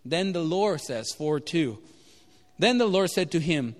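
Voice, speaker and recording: A man's voice: fairly high pitch, unhurried. A man preaching a sermon, telling a Bible story and quizzing his listeners. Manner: animated, asks the audience questions. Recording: echoey hall.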